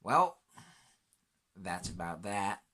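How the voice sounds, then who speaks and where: Low-voiced man in a profane rambling rant. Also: sing-song, very slow, pushed and bright, slight background noise. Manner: swears constantly, laid-back and rambling, drops into whispers. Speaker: self-described stoner ranting to camera.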